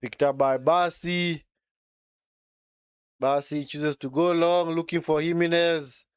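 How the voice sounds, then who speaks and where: A man's voice: a little high, fairly even intonation, takes it slowly, clean tone, no room sound, studio quality. A man giving casual live football commentary during a watchalong, chatty and reacting as he goes, often tagging sentences with short asides. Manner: chatty, frequent tag words like man and eh.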